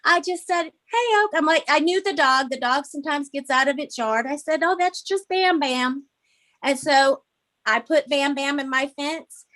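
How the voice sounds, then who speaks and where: A woman's voice: sits high, fairly bright tone. A woman giving earnest, pleading testimony at a public hearing. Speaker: dog adopter testifying at a hearing.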